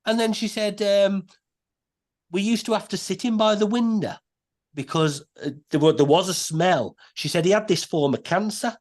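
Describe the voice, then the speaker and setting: A man, a podcast guest telling a story in a casual, animated way. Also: sits high, moderate pace. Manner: animated, many restarts and quoted voices.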